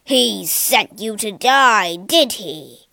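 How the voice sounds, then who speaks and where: A woman voicing a gruff, lonely male beast who growls in a low voice. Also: lively intonation, extremely slow, sharp tone, dry recording, full character voice.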